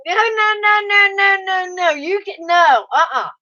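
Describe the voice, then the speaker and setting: A woman's voice: very high-pitched, lively intonation, measured pace, bright, forceful tone, muffled recording. A woman hosting a casual live stream, reading chat aloud and telling stories with lots of laughter.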